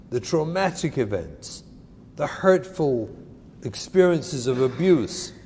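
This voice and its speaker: Guy rabbi giving a lecture, voice swoops up and down, sits kinda high, echoey hall with faint noise. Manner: animated, emphatic, repeats key points.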